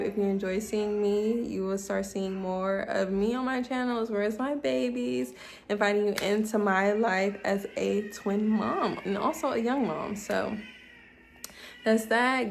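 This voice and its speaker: A woman's voice: medium pitch, fairly even intonation, a little slow, creaky, a little hiss or hum. A young woman telling a casual storytime vlog to her viewers, chatty and often calling them y'all. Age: young adult. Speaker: vlogger.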